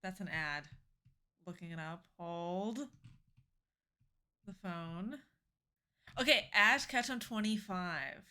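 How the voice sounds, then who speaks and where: A young woman chatting casually with viewers during a game live stream, bubbly and quick to laugh. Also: lowish voice, sharp tone, clear, resonant tone.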